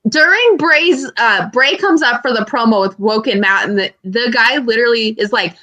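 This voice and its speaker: A young woman co-hosting a podcast, telling stories in an animated way with loud outbursts and lots of swearing. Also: fairly high pitch, moderate pace, hardly any pauses. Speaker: podcast co-host. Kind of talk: casual chat.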